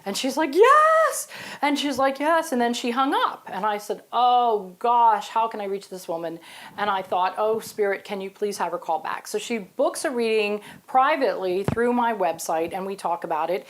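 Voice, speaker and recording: A woman, a psychic guest, telling stories in a lively, chatty way. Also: normal speed. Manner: animated, storytelling, exclaims in high bursts. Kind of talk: casual interview talk.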